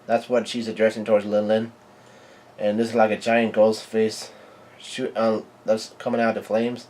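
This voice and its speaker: A man giving a live reading and reaction to a comic chapter, in a halting, stumbling way full of restarts. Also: lowish voice, level tone, darkish tone. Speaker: manga reader and reactor.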